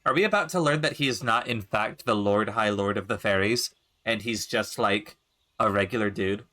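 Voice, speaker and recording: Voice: medium pitch, normal speed, sharp tone. A game streamer chatting offhandedly with viewers while playing. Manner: offhand, chatty asides to chat. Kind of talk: casual let's-play commentary. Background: game music.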